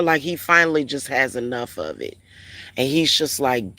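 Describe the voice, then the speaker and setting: Woman venting to her followers, slow and blunt, cusses a lot, dry close sound. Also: very deep voice, animated, bright, forceful tone, dry recording. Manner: blunt, profane, repeats phrases for emphasis. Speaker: spiritual reader and vlogger. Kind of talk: casual ranting monologue.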